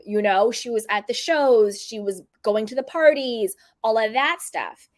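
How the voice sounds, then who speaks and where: Woman, vlog commentary, animated, opinionated, slightly high pitch. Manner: animated, opinionated, acts out quotes. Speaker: commentary vlogger.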